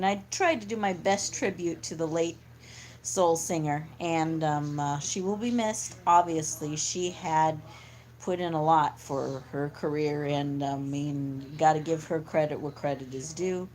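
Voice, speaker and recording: A woman's voice: low voice, a little mellow. A middle-aged woman talking in a casual, rambling monologue, full of fillers and restarts. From California. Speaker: vlogger.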